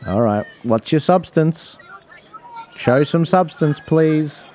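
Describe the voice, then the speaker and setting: A man's voice: fairly high pitch, expressive, slow, darkish tone, a little hiss or hum. A man hosting a livestream, commenting live with exasperated sighs and apologies to his viewers. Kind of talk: live commentary over stream.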